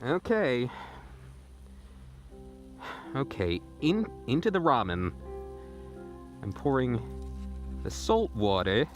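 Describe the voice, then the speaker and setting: Out in the snowy woods at night, a young man vlogs into his phone camera, rambling in a mock-dramatic, comedic way with wildly swinging pitch. His voice is sing-song and slow, broken by frequent pauses, with faint music behind him.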